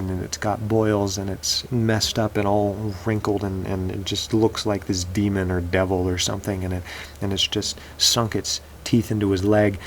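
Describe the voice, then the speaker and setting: A man telling an improvised story in a halting way, often repeating words. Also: fairly low pitch, slight background noise, rough recording.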